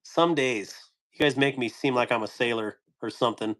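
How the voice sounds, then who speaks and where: A man's voice: mid-range voice, normal speed, a bit bright. A man in the middle of his range, talking loosely on a live stream. He rambles, chuckles often and answers viewers as he shows off gear. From United States. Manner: laughing, rambling, reading chat. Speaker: knife channel host on a live stream. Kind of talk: casual live-stream chat.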